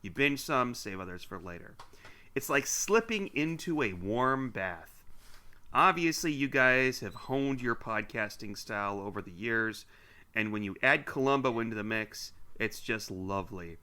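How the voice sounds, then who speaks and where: A man's voice: mid-range voice, expressive, unhurried, sharp tone. A man co-hosting a podcast, chatting casually and teasingly as he reads listener mail aloud with asides. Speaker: podcast co-host.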